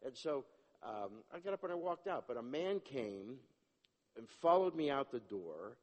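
A man giving a personal testimony, animated and acting out the dialogue, often restarting his sentences. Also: medium pitch, normal speed. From Jewish upbringing, not a place. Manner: animated, acts out dialogue, self-interrupting. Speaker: testimony speaker. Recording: long hall reverb.

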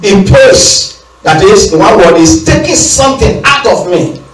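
A man's voice: high voice, animated, a little slow, soft background music. A male preacher giving a sermon, repeating his phrases and asking the congregation to answer back. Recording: echoey room, voice from far off the mic.

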